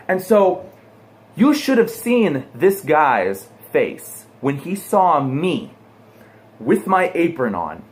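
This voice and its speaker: A man from the United States telling a personal anecdote to his viewers, acting out the people in it. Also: a little high. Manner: animated storyteller, acts out quotes. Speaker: pool guy vlogger. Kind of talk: personal anecdote told to camera.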